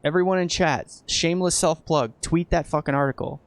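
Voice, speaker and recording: A man commentating casually as he streams a game, chatting with viewers, excitable and profane. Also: a little high, a little fast, smooth. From United States.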